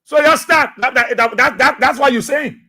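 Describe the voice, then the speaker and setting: This is fiery radio talk-show commentary from a Liberian man whose voice is strikingly high, bright, forceful and slightly rough. Speaking Liberian English at a moderate pace, he preaches at his listeners, driving every point home through repeated short phrases.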